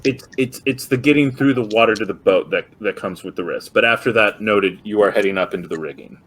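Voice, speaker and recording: A man narrating as game master of a tabletop role-playing game, pausing often with ums and restarts. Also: on the low side, fairly bright tone, poor audio. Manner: hesitant, many ums and restarts.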